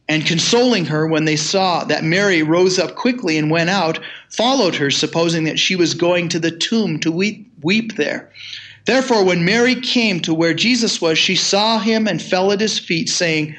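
High-voiced man preaching a sermon. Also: fairly bright tone. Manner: reads scripture aloud in measured tones, then retells it with chuckles. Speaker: pastor.

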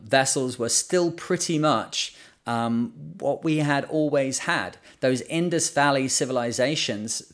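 Rambling man hosting a podcast. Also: medium pitch. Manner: rambling and conversational, with many fillers and restarts. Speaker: podcast host. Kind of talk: solo educational podcast talk.

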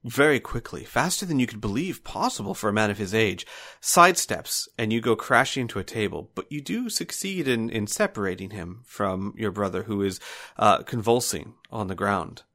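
A man narrating a tabletop game as game master, halting now and then with fillers. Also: fairly low pitch, animated, pushed and bright.

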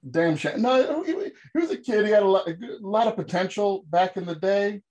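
A man co-hosting a podcast, recapping a film with animated, sarcastic storytelling and sudden jumps in pitch. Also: normal speed. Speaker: podcast co-host. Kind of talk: casual comedic film review chat.

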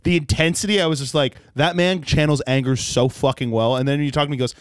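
A man chatting on a podcast, telling stories in an animated, joking way. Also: a little high, clean tone, no echo, clean studio sound. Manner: animated storytelling, quick joking, slips into impressions. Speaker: podcast guest, comedian. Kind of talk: casual podcast chat.

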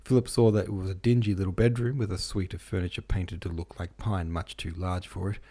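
Guy narrating an old novel, real deep voice, steady measured reading. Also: husky. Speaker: audiobook narrator and podcast host. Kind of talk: scripted narration of a classic novel.

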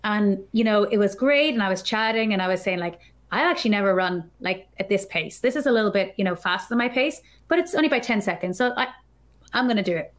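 A woman guest on a podcast, telling a story in an animated, chatty way, full of filler words. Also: mid-range voice, fast. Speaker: podcast guest, developer advocate. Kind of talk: casual storytelling chat.

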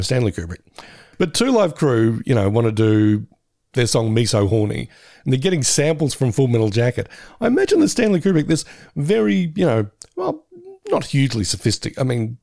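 A man's voice: medium pitch, creaky, a little mellow, dry recording, clean studio sound. A man co-hosting a podcast in casual chat, laughing often and fond of slipping into voices. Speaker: podcast co-host.

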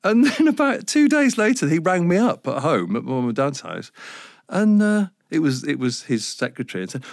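A man's voice: on the high side, big pitch swings, normal speed, no room sound. Chatty middle-aged man, dry sound. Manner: chatty and self-mocking, rambling with restarts. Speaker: radio presenter guest. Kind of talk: casual storytelling interview.

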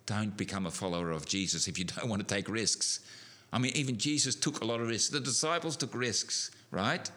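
A middle-aged man preaching a sermon, animated, building to emphatic peaks with frequent restarts. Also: fairly low pitch, fairly quick.

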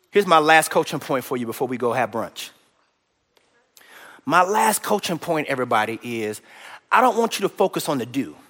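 A man preaching a lively sermon to his church, loud and energetic, repeating his points and joking with the congregation. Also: a little high, long reverb tail. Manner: folksy and playful, cracks jokes with the congregation. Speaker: pastor.

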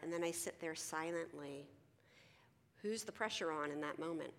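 A middle-aged woman gives a conference talk as a counselor, chatty and animated, slipping into quoted voices of teenagers. Her voice sits fairly low, and a long reverb trails her words around a large hall. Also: normal speed. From Philadelphia. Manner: animated, conversational, acts out teens and herself in quoted dialogue.

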